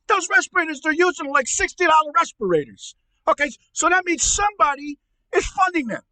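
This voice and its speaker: A man playing an angry middle-aged uncle in a comedy podcast, ranting loudly, swearing and stammering. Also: very high-pitched, expressive, brisk, no echo, full character voice. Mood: furious ranting. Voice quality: shouty, profane, stammering. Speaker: podcast co-host. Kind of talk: comedic rant.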